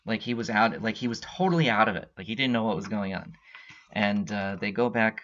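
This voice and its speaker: A man's voice: fairly low pitch, a little fast, a bit bright. A man hosting a casual comic book recap, retelling the story in a rambling way with many fillers. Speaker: comic book podcast host. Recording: dull lo-fi recording.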